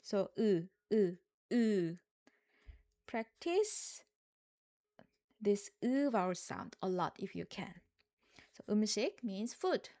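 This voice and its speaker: A woman's voice: mid-range voice, very animated, unhurried, creaky, long pauses, darkish tone. A woman, teaching a live lesson in English and patiently repeating each word for learners. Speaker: Korean language teacher. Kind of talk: live online Korean lesson.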